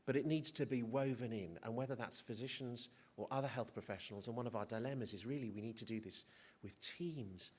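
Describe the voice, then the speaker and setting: A man's voice: mid-range voice, darkish tone, breathy edge. Hesitant middle-aged male physician speaker. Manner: hesitant, restarts, self-deprecating humour. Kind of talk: conference presentation. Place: conference hall.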